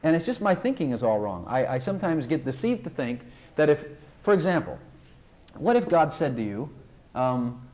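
An older man delivering a sermon with a lively, swooping voice that climbs high when he presses a point. He talks straight to the congregation and slips into short spoken prayers as he goes. The pitch sits a little high for a man. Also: moderate pace. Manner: animated, rising to high emphatic tones, acts out prayers and voices. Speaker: preacher.

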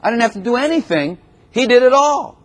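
Husky male preacher, lively pitch, talky sermon with bursts of enthusiasm. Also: brisk. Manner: animated, conversational preaching with sudden shouts.

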